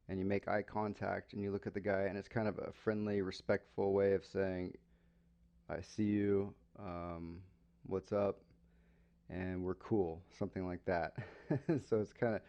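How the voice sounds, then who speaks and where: A man's voice: lowish voice, a little mellow. An American man hosting an English-learning podcast, telling a casual story and stopping to explain slang for learners.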